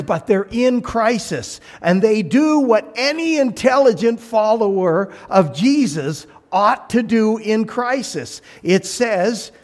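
A man preaching a sermon as pastor, animated, acting out voices and shouting for emphasis. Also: sits high.

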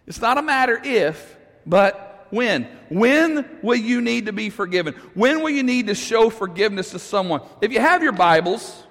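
High-voiced preacher in a reverberant hall. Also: male voice, animated, normal speed, a bit bright. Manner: conversational, asks the audience questions, chuckles. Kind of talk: sermon storytelling.

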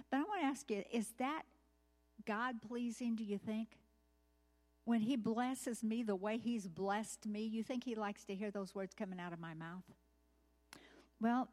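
A woman preaching a conversational sermon. She is candid and self-deprecating, asks the listeners questions, and tells stories with energy, speeding up when she quotes others. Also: mid-range voice. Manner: lively storytelling, quickening when quoting others.

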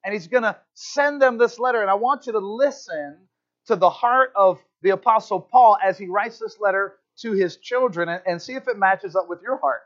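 A high-pitched male pastor preaching to his congregation. He tells stories in a chatty, self-deprecating way and often restarts his sentences. The recording is dull and lo-fi, taken in a church. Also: normal speed, a bit bright. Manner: conversational, self-deprecating storytelling with frequent restarts. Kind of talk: sermon. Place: church sanctuary.

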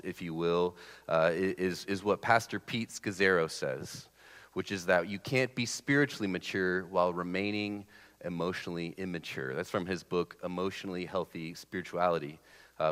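A man's voice: low-pitched, fairly bright tone, big-room sound. A man in his thirties preaching a sermon in a casual, conversational way, often stopping and restarting his sentences. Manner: conversational, halting, with many restarts. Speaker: pastor.

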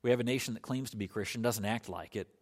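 A man's voice: lowish voice, quick pace. Man preaching in a reverberant hall. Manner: earnest, with restarts and emphatic rises. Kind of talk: sermon.

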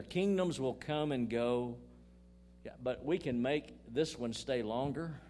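A man's voice: mid-range voice, unhurried, darkish tone, slight background noise. Older man preaching a folksy sermon. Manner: folksy, emphatic preaching with scripture reading and asides to the congregation. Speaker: pastor.

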